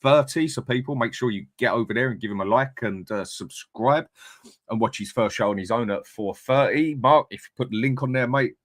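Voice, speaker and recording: A man's voice: mid-range voice, brisk, no room sound, clean studio sound. A man hosting a live fan stream, chatting bluntly and reading out viewer comments. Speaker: fan channel host. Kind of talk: casual live-stream chat.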